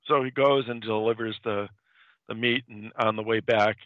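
A man's voice: lowish voice, steady tone, moderate pace, no echo. A man casually retelling a horror comic story, rambling with many fillers and restarts. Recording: dull dry lo-fi sound.

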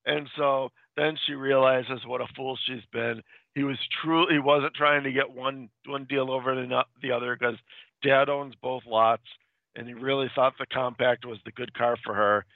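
Male host, gravelly, halting casual talker; dry, phone-like recording. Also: medium pitch, fairly even intonation, dry recording. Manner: halting, with frequent restarts and repeated words. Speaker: host retelling old film plots. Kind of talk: casual chat. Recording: dry, tinny phone-like sound.

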